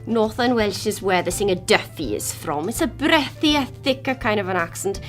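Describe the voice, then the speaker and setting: A woman's voice: mid-range voice, lively intonation, faint music behind. A woman with a Received Pronunciation accent, hosting and chatting playfully about accents. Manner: chatty, playful, quick switches into character voices. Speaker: host. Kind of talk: presenting and demonstrating accents.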